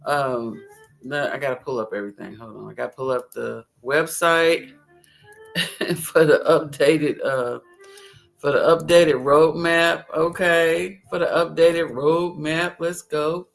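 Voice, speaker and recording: A woman's voice: low voice, steady tone, slow, gravelly, faint music behind. A woman hosting a casual crypto livestream, chatty and rambling, often giggling.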